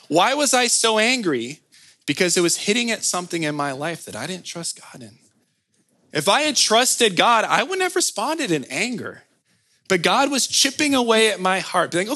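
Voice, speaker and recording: Man, pastor, sermon, lively storytelling, high-pitched voice. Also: slightly rough. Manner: lively storytelling with acted-out dialogue; slow, soft closing prayer.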